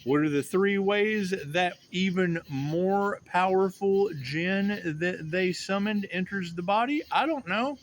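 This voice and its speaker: A man's voice: sits high, slow, few pauses, a little hiss or hum. A man giving a rambling, sardonic and profane monologue as a tarot reader, often repeating himself.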